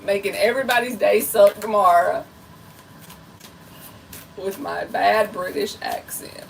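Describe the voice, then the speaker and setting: A woman's voice: mid-range voice, unhurried, creaky, recorded from a distance, a little hiss or hum, poor audio. Woman tarot reader for a live reading, goofy and chatty, set back from the mic. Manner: chatty and playful, self-described goofy.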